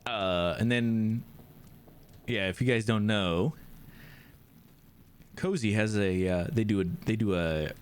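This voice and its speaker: A man's voice: lowish voice, slow pace, long pauses, clear, resonant tone. A man streaming a video game, chatting casually and rambling with lots of restarts. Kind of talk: casual chat.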